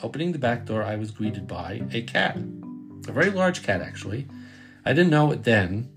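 A man's voice: medium pitch, animated, moderate pace, gravelly. A middle-aged man from Brooklyn, a podcast host, telling a personal story in a casual, wry way and sometimes swearing. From Brooklyn, New York. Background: guitar music.

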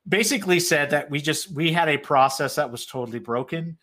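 A man's voice: a little high, a little fast, sharp tone. A man in a casual business conversation, talking loosely about accounting work with lots of "like" and "right?" fillers. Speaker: payroll software company representative.

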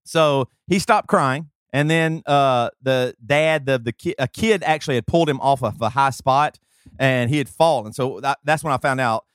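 Podcast co-host, male, thirties, rambling talker, dry close mic, mid pitch. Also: moderate pace, clear, resonant tone, dry recording. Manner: rambling, talkative storyteller with many fillers. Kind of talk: casual chat and host-read ad.

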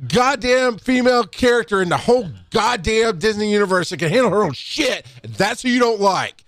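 A man's voice: high-pitched, expressive, fairly bright tone, no echo, clean studio sound. A man in a heated casual debate, cursing hard and stressing his words. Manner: profane, emphatic, drawn-out delivery.

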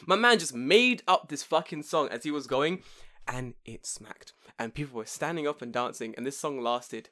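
A young British man telling a story in casual chat, swearing freely and acting out other people's voices. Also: moderate pace. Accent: British English. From Britain. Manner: animated, swearing, acts out voices with big pitch jumps.

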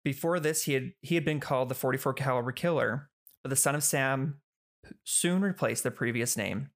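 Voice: mid-range voice, moderate pace. Chatty podcast host narrating a case. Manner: chatty, giggly, explains with self-corrections. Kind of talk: casual storytelling narration.

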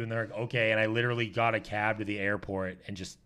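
A man's voice: on the low side, quick pace, clear, resonant tone. A man, a podcast guest telling rowdy stories in casual chat, swearing and laughing as he goes. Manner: animated, swearing, laughing storyteller.

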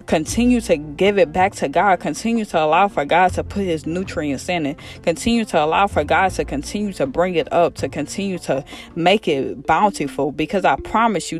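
A preacher giving a devotional sermon in a casual, fervent style, repeating phrases for emphasis. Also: medium pitch. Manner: fervent, repetitive exhortation.

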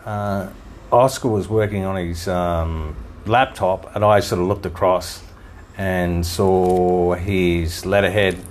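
Deep-voiced Australian man, halting. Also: fairly even intonation, a little hiss or hum. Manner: halting, with many ums and pauses. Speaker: podcast co-host. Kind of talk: casual travel chat.

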